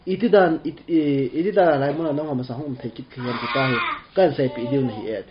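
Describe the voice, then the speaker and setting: A man interpreting a rabbi's class, talking quickly and trailing off at the ends of phrases. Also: a little high. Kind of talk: rapid spoken translation. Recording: dull lo-fi sound with faint room noise.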